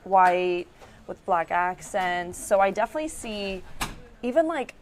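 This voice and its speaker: A woman's voice: mid-range voice, expressive, a little slow, slight background noise. A woman TV news reporter with a New York accent, chatting casually on air and laughing as she tells stories.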